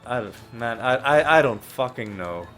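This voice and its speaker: A man's voice: medium pitch, animated, normal speed, fairly bright tone. A man hosting a let's play, giving gameplay commentary in swearing, frustrated rants full of stammered restarts, with game music behind him.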